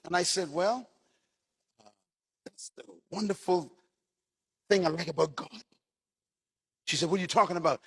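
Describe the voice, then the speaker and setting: A male pastor preaches in short, punchy phrases and slips into storytelling. His voice sits high and bright, with a lively, swinging pitch. Long reverb from the church hall trails each line. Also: normal speed, vocal fry, long pauses, husky. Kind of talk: sermon.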